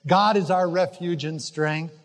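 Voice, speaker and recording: A man preaching a sermon, earnest and gently exhorting his listeners. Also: high voice, unhurried, in a large hall. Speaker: pastor.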